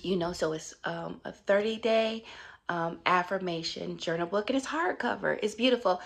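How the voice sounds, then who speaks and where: Chatty woman with a gravelly voice. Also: lowish voice, normal speed. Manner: warm, chatty and upbeat, with many fillers. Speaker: wellness vlogger. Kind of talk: casual motivational vlog.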